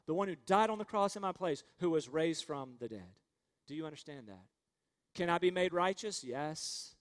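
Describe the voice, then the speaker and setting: A male pastor with a notably high voice preaches earnestly, firing off rhetorical questions and leading his congregation to repeat lines back. His words ring out with the long reverb of a large church sanctuary. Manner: earnest, rhetorical questions, leads the crowd in call-and-response. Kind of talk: sermon.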